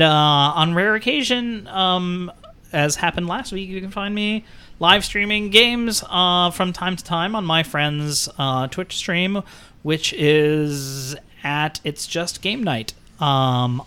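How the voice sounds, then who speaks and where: A man co-hosts a casual podcast in a bright, sharp voice and an unhurried pace. He jokes easily and makes fun of himself. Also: high-pitched, clear, resonant tone. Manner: joking, self-mocking. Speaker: podcast co-host.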